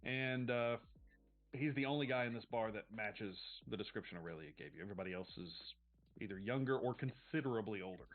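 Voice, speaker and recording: A man's voice: lowish voice, fairly quick. Man narrating a tabletop game, tinny. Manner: loose, filler-heavy describing. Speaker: game master. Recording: tinny phone-like sound, faint music.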